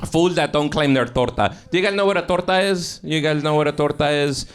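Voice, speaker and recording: A man's voice: on the high side, a little fast, clear, resonant tone. A man doing improvised stand-up on a comedy club stage, swearing a lot and laughing at his own jokes. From Mexican-American. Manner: profane, laughing, self-mocking banter with the crowd. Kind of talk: improvised stand-up from audience suggestions. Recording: live stage recording with noise.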